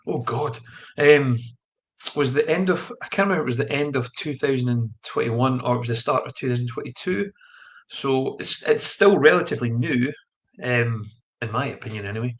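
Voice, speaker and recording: A man's voice: mid-range voice, a little fast. Modest Scottish man as a guest. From Scotland. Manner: modest, self-deprecating, hesitant fillers. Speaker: podcast guest, mystery researcher. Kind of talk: casual interview chat.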